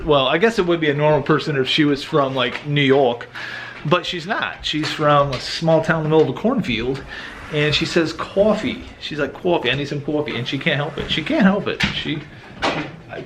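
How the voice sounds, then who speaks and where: A man's voice: on the high side, brisk, a bit bright. A middle-aged man chatting casually to camera at home, rambling and joking, often restarting his sentences. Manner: rambling, joking, self-interrupting. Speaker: vlogger. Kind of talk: casual vlog chat. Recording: noisy home recording.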